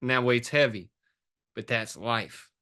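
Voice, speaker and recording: A man's voice: medium pitch, unhurried, fairly bright tone. Guest coach, man, emotional and intense, plain-spoken, swears. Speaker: guest, fitness and life coach. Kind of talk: impassioned interview talk.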